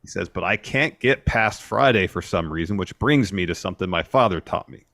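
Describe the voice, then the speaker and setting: Low-voiced man recapping wrestling. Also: lively intonation, fairly quick, fairly bright tone, no room sound, clean studio sound. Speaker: podcast co-host. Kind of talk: casual wrestling recap chat.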